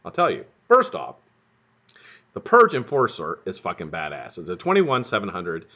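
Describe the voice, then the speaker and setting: A man's voice: sits low, huge pitch swings, moderate pace, creaky, bright, forceful tone, husky. A man hosting a live stream, telling a rambling, profane story in a casual way. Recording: dull lo-fi stream audio.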